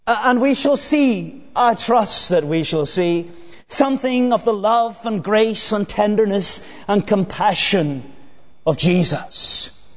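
A man preaching an evening sermon in a church, earnest, slowing down and dropping low on key phrases. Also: lively intonation. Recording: long church hall reverb.

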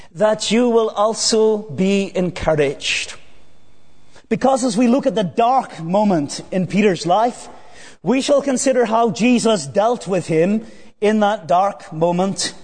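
High-voiced man preaching in a reverberant church. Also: a little mellow. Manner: earnest, slows down and drops low on key phrases. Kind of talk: evening sermon. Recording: long church hall reverb.

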